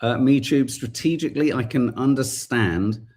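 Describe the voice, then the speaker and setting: A man's voice: medium pitch, normal speed, darkish tone. A man hosting a podcast, giving impassioned, indignant political commentary and swearing now and then. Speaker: podcast host.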